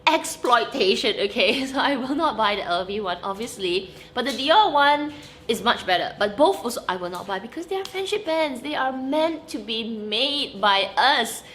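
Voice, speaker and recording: A woman's voice: on the high side, moderate pace, a little hiss or hum. A young woman, chatting animatedly to camera in a vlog, stressing points with "okay?". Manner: animated, emphatic, frequent laughs and "okay?". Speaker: vlogger. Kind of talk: casual chat to camera.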